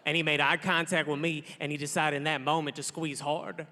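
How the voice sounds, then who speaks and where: A man in his thirties doing a loud, playful stand-up comedy set on a large theater stage, acting out characters. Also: on the high side, little pitch movement, fairly quick. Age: 30s. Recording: long hall reverb, crowd noise.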